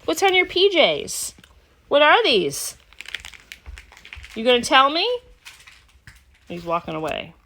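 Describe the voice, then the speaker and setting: Lady vlogging at home, high bright voice, slow sing-song baby talk to a toddler. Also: wildly swooping pitch, slight background noise. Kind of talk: casual home vlog. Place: home indoors.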